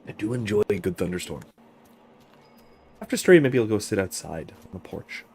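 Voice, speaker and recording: A man's voice: fairly low pitch, animated, normal speed, darkish tone, slightly rough. A man hosting a live game-play stream, chatting and thinking aloud in a self-deprecating way. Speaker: host. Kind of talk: casual game-play commentary.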